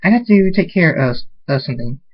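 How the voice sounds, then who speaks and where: A man voicing a bubbly, hyper female party pony in a fan-made story reading, squeaky and excitable. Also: brisk, breathy edge. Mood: chirpy. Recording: dull lo-fi recording.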